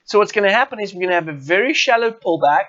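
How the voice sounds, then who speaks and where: A man's voice: high-pitched, animated, racing, a bit bright, dull audio. A South African man walking viewers through a live trading chart session, talking informally and often checking in with them. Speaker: forex trading educator. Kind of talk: live trading webinar walkthrough.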